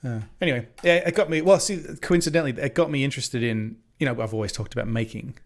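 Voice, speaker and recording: A man's voice: mid-range voice, fast. A man co-hosting a podcast in casual chat, rambling and swearing freely, often correcting himself mid-sentence. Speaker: podcast co-host.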